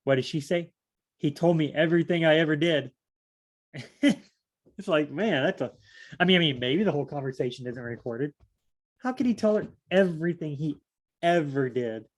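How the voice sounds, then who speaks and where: A man's voice: on the high side, animated, normal speed. A man leading a casual Bible study, rambling and asking himself questions as he reads. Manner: rambling, thinks aloud and asks himself questions; repeats phrases, many fillers.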